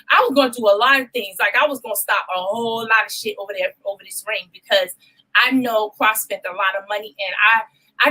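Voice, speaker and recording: A young woman co-hosting a casual chat show, telling a story in an animated, profane way and acting out the voices of people she quotes. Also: high voice, low-quality recording. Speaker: podcast co-host.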